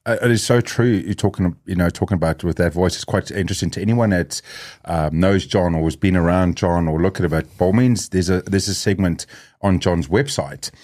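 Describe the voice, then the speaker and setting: A man's voice: deep voice, brisk, darkish tone. A middle-aged man from Africa, hosting a podcast in a casual conversational way, thinking aloud with fillers and restarts. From South Africa. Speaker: podcast host.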